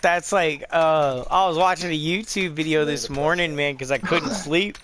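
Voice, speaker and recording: A man's voice: on the high side, moderate pace, a crowd in the background. A middle-aged man chatting casually on a game stream, rambling through stories, swearing often and acting out the voices of the people in them. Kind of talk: casual chat on a live stream.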